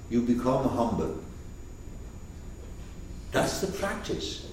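Slow, animated male teacher in an echoey room. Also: medium pitch. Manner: slow, emphatic, questioning the class. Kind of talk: lecture on a poetic text. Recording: echoey room, distant mic, faint noise.

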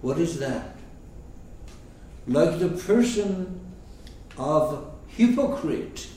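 A man explaining a poem to his class, slow and emphatic, often putting questions to his listeners. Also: fairly high pitch, very animated, warm tone, slight background noise. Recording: echoey room, mic far off.

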